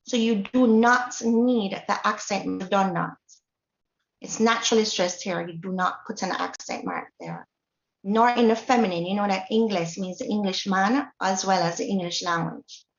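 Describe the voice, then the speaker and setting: A woman's voice: mid-range voice, animated, moderate pace, gravelly. A woman with a Jamaican accent teaching a Spanish lesson, explaining each point and checking in with the class. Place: classroom or workshop hall. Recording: roomy, dull lo-fi recording.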